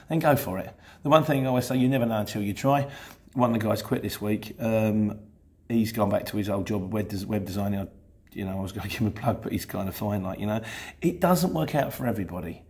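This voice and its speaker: A man's voice: mid-range voice, darkish tone. A man from England, casually answering viewer questions about running a van business, rambling and frank with many restarts. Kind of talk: casual Q&A chat.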